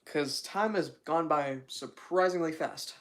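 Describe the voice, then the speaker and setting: A man's voice: a little high, a little slow, fairly bright tone. A young man hosting a casual livestream, chatting with viewers in a rambling, self-mocking way full of fillers. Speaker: livestream host.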